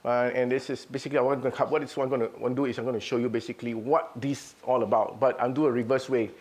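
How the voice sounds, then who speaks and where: A man's voice: medium pitch, fairly even intonation, very fast, a little mellow. A man running a live audio product demo. He thinks aloud, restarting his sentences as he works.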